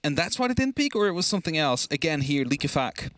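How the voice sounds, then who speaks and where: A young man casting an esports match, chatty and energetic, laughing easily. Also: a little high, quick pace, noisy background. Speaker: esports caster. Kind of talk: esports commentary.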